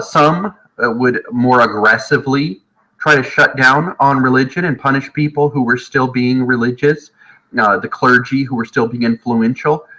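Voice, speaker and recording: A man teaching history from home in a casual, jokey lecture, often slipping into quick voices of historical people. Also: medium pitch, bright, forceful tone, poor audio.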